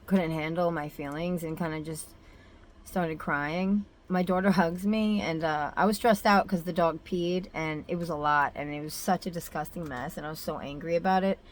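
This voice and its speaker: A woman's voice: lowish voice, slight background noise. A young adult woman telling a personal story in a candid, emotional vlog, full of fillers and restarts. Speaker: mother sharing a personal story.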